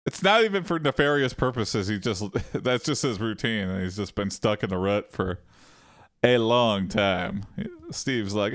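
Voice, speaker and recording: Crisp-voiced man rambling playfully. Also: lowish voice, animated, measured pace, a bit bright, no echo, studio quality. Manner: rambling, playful, full of asides. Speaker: streamer hosting an AI story. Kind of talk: casual chat.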